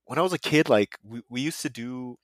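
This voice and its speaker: A man of middle pitch hosting a podcast, drifting through loose stories and breaking into laughter. The sound is dry and close to the mic, with no room behind it. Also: fairly quick, no room sound. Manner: laughs often, relaxed rambling anecdotes. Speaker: podcast host. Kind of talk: casual chat.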